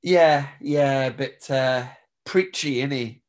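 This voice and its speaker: A man in his thirties from the UK, hoarse from pollen, co-hosting a podcast in jokey, rambling casual chat. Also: medium pitch, slow. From United Kingdom. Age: 30s. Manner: jokey, rambling wrestling fan. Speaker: podcast co-host.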